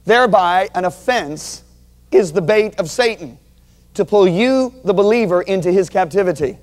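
A man with a notably high speaking voice delivers an earnest teaching sermon. He leans hard into key phrases and has his listeners repeat words back to him, in the manner of a seasoned preacher. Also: lively intonation, moderate pace. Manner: earnest, emphatic, calls on the audience to repeat words. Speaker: Bible teacher.

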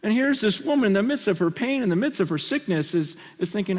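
A man preaching a conference sermon, impassioned and swinging between loud and hushed, often stammering and restarting phrases. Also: sits high, animated, quick pace. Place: conference hall. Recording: long reverb of a large hall.

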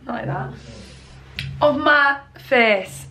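A woman, chatting casually to camera at home, rambling and often speaking quietly. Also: high voice, drawn-out words, vocal fry, background noise. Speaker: lifestyle vlogger. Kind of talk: casual vlog chat to camera. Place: at home in a bedroom at night.

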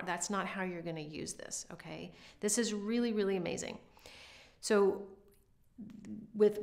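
A middle-aged woman giving an earnest, encouraging violin lesson, explaining how to improve intonation. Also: medium pitch. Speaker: violin teacher. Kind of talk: instructional talk to camera.

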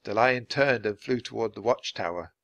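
A man reading a children's adventure book aloud, clear and steady for language learners. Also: on the low side, moderate pace, no room sound, highs cut off. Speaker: storybook reader.

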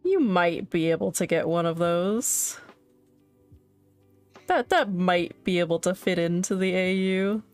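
A woman's voice: fairly low pitch, lively intonation, unhurried, a little mellow, smooth, faint music behind. A woman chatting casually with friends, amused and laughing along. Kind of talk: casual chat.

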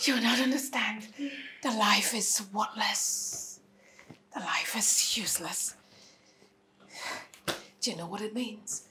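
A sobbing Nigerian mother, high and wavering. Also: very animated, measured pace, vocal fry, heavy background noise, exaggerated voice. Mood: grief-stricken. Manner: distraught, swinging between whispers and outbursts. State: crying. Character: grieving young mother whose daughter was taken.

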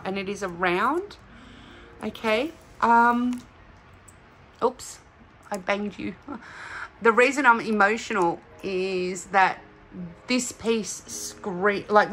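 An Australian woman with a mid-range, slightly bright voice hosts a diamond painting channel. In a casual unboxing vlog, she shows off a craft kit and chats straight to her viewers.

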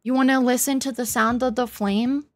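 A woman gamer streams live, swearing freely and shrieking when she wins. Her voice sits a bit high, and she sounds slightly out of breath. The sound is close and dry, with no room around it. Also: normal speed, no echo. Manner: excitable, swears a lot, shouts and squeals in wins. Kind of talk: live gameplay commentary.

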